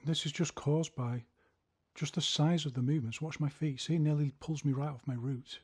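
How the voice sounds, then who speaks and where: A man's voice: fairly high pitch, fairly even intonation, normal speed, breathy edge. A man teaching a martial art, explaining punch combinations step by step and counting out their rhythms. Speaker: martial arts instructor. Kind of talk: instructional video narration.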